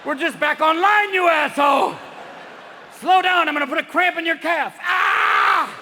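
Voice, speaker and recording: A comedian voicing a frantic heart that screams in panic, shouting high and strained. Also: male voice, moderate pace, very noisy. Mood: furious.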